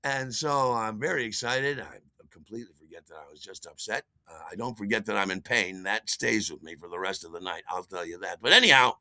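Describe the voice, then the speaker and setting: Man, podcast host, animated storytelling, bright voice, dry sound. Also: on the low side, brisk, hardly any pauses, no room sound. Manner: animated, self-mocking, acts out scenes. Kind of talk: comic first-person storytelling.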